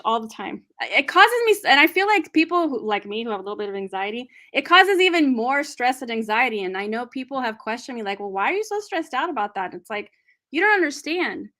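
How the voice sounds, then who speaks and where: A woman's voice: a little high, big pitch swings, brisk, bright, forceful tone. A woman hosting a live book discussion, reading out viewer comments in a chatty way. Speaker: host.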